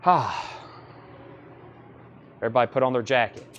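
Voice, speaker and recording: Guy running a live record sale, quick repeat-the-price patter, average pitch. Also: a bit bright, highs cut off, slight background noise. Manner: brisk, repeats titles, grades and prices. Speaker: record store livestream seller. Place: record store.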